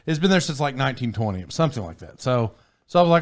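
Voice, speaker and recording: A man's voice: a little high, sing-song, fast. Rambling, laughing podcast host man. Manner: rambling storyteller, sidetracks and laughs a lot. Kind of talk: casual chat.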